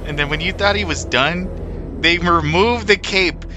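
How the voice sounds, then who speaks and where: A man in a casual podcast chat, retelling movie scenes with excited, profane storytelling. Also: sits high, normal speed, over music.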